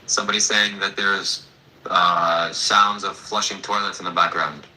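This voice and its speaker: A man co-hosting a casual livestream chat in a deadpan way, reading out viewer messages and donations. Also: low-pitched, unhurried, roomy sound, poor audio. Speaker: livestream co-host.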